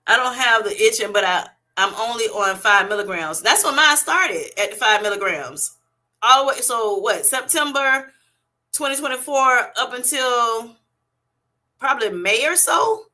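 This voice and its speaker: A middle-aged woman hosts a casual livestream from home, chatting with viewers and laughing often. Her voice sits a bit high and sounds bright and forceful. She keeps up a lively banter as she reads out comments. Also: unhurried. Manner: animated, laughing often, reading chat comments aloud. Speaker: livestream host. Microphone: webcam or streaming setup.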